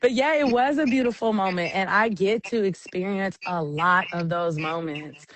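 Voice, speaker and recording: An event MC appearing as an interview guest tells stories casually and with animation, putting on the voices of the people she quotes. Her voice is medium in pitch and moves at a moderate pace.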